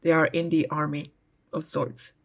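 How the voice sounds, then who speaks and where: A woman's voice: sits low, level tone, normal speed. A woman hosting a casual book vlog, chatting in a rambling way with frequent hesitations. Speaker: book vlogger, channel host.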